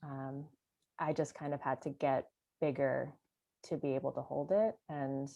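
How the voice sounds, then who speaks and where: A woman shares in a meditation group in a low, mellow voice. She speaks haltingly, searching for her words between frequent fillers. The recording is dry and close. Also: fairly even intonation, vocal fry, no echo, lo-fi sound. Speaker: retreat participant sharing. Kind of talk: personal sharing in a meditation group.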